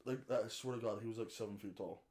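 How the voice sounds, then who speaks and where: Young man, guest, lowish voice, crude casual banter, blunt. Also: fast, darkish tone. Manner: crude, laughing, blunt reactions. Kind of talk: casual chat.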